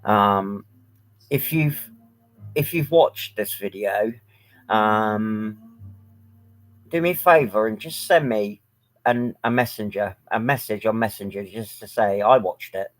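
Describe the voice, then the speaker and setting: A man's voice: fairly low pitch, takes it slowly, long pauses, no echo, soft background music, low-quality recording. A man talking frankly to camera in a personal vlog, rambling with many filler ums. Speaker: vlogger.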